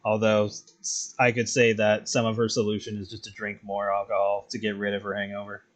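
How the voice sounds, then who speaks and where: Man, casual streamer chat, lowish pitch, rambling, swears a lot. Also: brisk. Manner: relaxed, profane, rambling with chuckles. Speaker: streaming artist. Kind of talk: casual chat while drawing.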